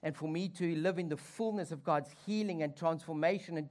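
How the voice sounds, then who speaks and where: A pastor delivers a sermon with wry humor and playful asides. The voice rises loud and high to drive points home, then sinks low and quiet for reflection. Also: a little fast, few pauses.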